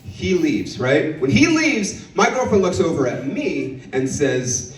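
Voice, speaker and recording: A man's voice: on the high side, big pitch swings, unhurried, far from the mic, background noise. A young man doing a stand-up set, telling a brash, profane story and acting out the people in it. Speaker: stand-up comedian. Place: comedy club stage. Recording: roomy club sound, audience laughter. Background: audience laughing.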